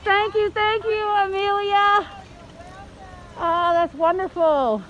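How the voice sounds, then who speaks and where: A woman's voice: very high-pitched, slow pace, fairly bright tone, lo-fi sound, slight background noise. An older woman filming outdoors at a birthday drive-by, calling out cheery, whooping greetings to friends. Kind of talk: casual greetings while filming. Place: outdoors at a parking lot. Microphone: handheld camera she is filming with.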